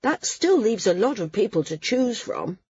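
A woman's voice: mid-range voice, big pitch swings, moderate pace, darkish tone, husky, no echo, muffled recording, voice pushed up, exaggerated voice. A woman voicing a hot-tempered, proud young man who snaps back, in a storybook reading. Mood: snappish. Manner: snappish.

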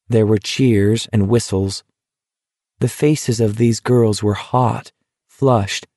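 A man reading a novel aloud as narrator, in a measured, deliberate way. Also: mid-range voice, mellow, dry recording, studio quality. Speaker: audiobook narrator. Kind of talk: scripted narration.

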